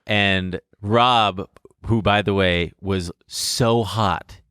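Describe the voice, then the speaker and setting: Podcast co-host, male, deep-set voice, frank and laughing as he recounts. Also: fairly even intonation, drawn-out words, fairly bright tone, clear, resonant tone, no room sound, clean studio sound. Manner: candid, laughs through his story, swears freely. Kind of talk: casual storytelling chat.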